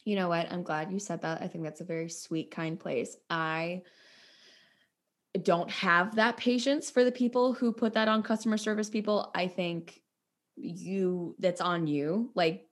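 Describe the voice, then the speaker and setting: A woman's voice: on the low side, steady tone, measured pace. A young woman co-hosting a casual chat, blunt and outspoken, swearing freely and telling stories with acted-out quotes. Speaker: podcast co-host.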